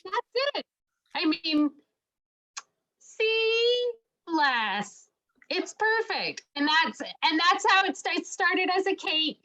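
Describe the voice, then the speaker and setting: A woman's voice: very high voice, big pitch swings, slow, pushed and bright. Chatty Canadian woman guest. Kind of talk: casual chat.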